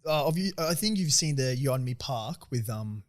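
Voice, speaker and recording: A young man co-hosting a podcast, animated and sweary, arguing with rhetorical questions in casual chat. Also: mid-range voice. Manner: quick, animated, swearing, argues his point with rhetorical questions. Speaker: podcast co-host.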